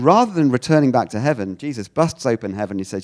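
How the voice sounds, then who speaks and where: A man from the United Kingdom giving a lecture, animated, often restarting his sentences and acting out quoted lines. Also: mid-range voice, quick pace, hardly any pauses. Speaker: speaker giving a talk.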